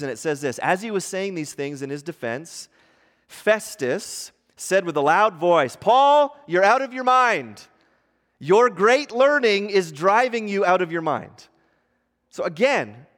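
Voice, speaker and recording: A man delivers a sermon in a slightly high voice, reading scripture and then building to emphatic, ringing peaks. His words carry a long reverb, as if he is in a large church hall. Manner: animated preaching, rising to emphatic peaks. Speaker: pastor.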